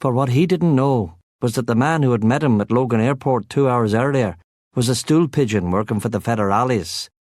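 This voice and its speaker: A man's voice: medium pitch, darkish tone, dry recording. A man narrating a first-person crime novel as an audiobook, with a wry, sardonic delivery on a close studio mic.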